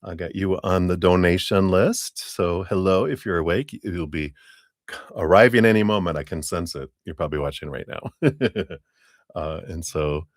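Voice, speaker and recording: Hosting a live tarot stream, a man with a very low voice chats casually at normal speed, warmly greeting viewers by name one after another. He's friendly and chuckles often between names. The sound is dry and close, without room echo.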